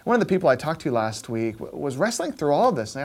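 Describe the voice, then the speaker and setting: A man's voice: fairly high pitch, very animated. Man preaching with a conversational lilt. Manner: keeps asking "right?" to the listeners; drops soft and slow on key points, rises sharply when stirred. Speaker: pastor. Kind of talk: conversational sermon.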